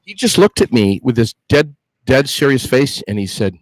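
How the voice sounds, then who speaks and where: Man, host, storytelling chatter, mid pitch, dry close mic. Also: normal speed, dry recording, poor audio. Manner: storytelling, animated, stumbles over restarts. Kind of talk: casual chat.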